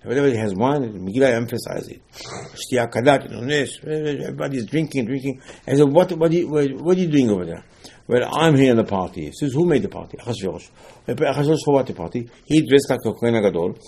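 A man's voice: mid-range voice, animated, fast talker, warm tone, slightly rough. Man giving an emphatic Torah lecture. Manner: emphatic, repetitive, asks and answers his own questions, broken English phrasing. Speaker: rabbi teaching Torah.

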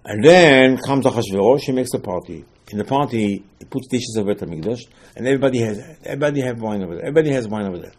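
A man's voice: medium pitch, lively intonation, quick pace, few pauses, breathy edge. Man giving an emphatic Torah lecture. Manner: emphatic, repetitive, asks and answers his own questions, broken English phrasing. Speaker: rabbi teaching Torah.

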